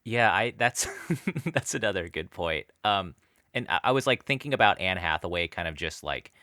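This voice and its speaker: Rambling man with a bright, lively voice. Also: low voice, moderate pace, no room sound, studio quality. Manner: rambling, many fillers and restarts. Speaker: podcast co-host. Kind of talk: casual chat.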